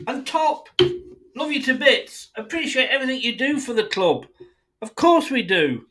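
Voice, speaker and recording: An English man hosting a football fan channel, ranting bluntly and swearing freely, and acting out imagined conversations in quick asides. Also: extremely high pitch, sing-song, fairly bright tone. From England. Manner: mimics others in asides. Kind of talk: impassioned fan rant.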